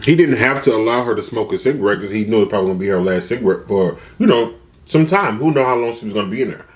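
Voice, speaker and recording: A man's voice: lowish voice, quick pace, a little hiss or hum. A man retelling a story casually for a food vlog, acting out the people he quotes. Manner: animated, acts out quotes with shifting voices. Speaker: mukbang vlogger.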